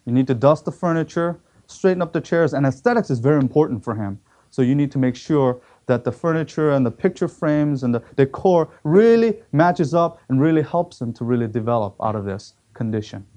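A man's voice: mid-range voice, animated, fairly quick, dark tone. A man preaching a sermon, telling a story with acted quotes and emphatic repetition.

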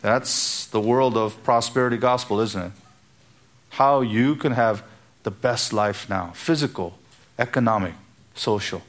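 A man's voice: lowish voice, a little slow, a bit bright. A man preaching an expository sermon, walking through a Bible passage and acting out everyday speech in quoted asides. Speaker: pastor.

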